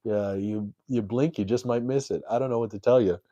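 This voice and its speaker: A man's voice: medium pitch, a little fast, dark tone, highs cut off. A young adult man, a comedian, telling a story on his live stream in a rambling, self-deprecating way full of fillers.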